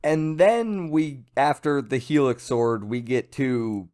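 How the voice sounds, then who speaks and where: Casual guy reviewing a chapter, chatty, rambly, bounces up and down in pitch. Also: takes it slowly, darkish tone. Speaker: manga reviewer. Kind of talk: casual video review monologue.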